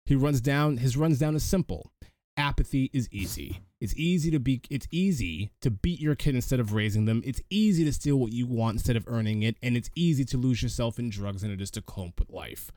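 Male podcast host, animated recap delivery, dry close-miked sound. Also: mid-range voice, a little fast, dry recording. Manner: animated storyteller, frequent restarts. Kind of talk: casual film recap chat.

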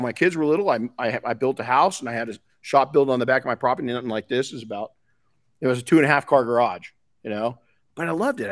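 A man's voice: medium pitch, a bit bright, dry recording, studio quality. A man hosting a podcast in casual chat, frank and rambling, swearing casually. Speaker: podcast host.

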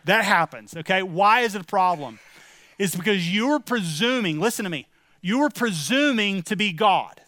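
A man's voice: high-pitched, expressive, moderate pace, bright, forceful tone, no room sound. A middle-aged male pastor giving a sermon in a conversational way, asking the congregation questions and turning stern and emphatic. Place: church sanctuary.

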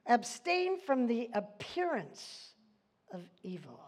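A woman's voice: fairly high pitch, sing-song, slow pace. Chatty older woman teaching scripture. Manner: chatty, laughs often, rambling asides. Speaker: Bible study teacher. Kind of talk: informal church Bible teaching.

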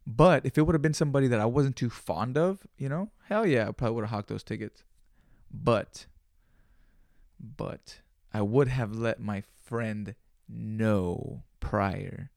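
A man's voice: medium pitch, measured pace, gravelly, a little mellow, no echo, studio quality. A man in his twenties telling a rambling, profane story in slangy casual talk, acting out bits of dialogue. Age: 20s. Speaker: podcast host.

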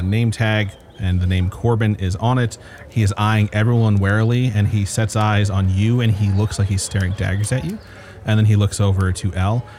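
A man's voice: fairly low pitch, a little mellow. A man narrating as game master in a casual, joking manner, swearing now and then.

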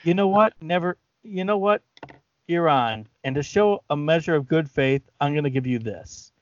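A man's voice: on the high side, animated, moderate pace, no echo. A man playing a tabletop game, hesitant and playful, slipping into mock-formal speech. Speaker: player. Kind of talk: casual tabletop role-play. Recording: dry, dull lo-fi audio.

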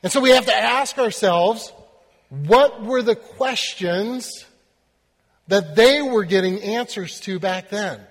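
A man's voice: high-pitched, takes it slowly, long reverb tail. A man preaching a sermon, talking to the congregation. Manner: animated storytelling, acting out voices. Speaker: pastor.

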